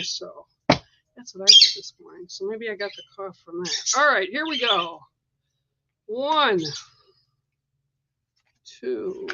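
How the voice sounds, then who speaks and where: A woman giving a livestreamed oracle card reading with a gentle, reassuring manner, coughing now and then. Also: mid-range voice, muffled recording, very noisy. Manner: gentle, reassuring, coaxing with "right?" and "okay?". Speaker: spiritual card reader.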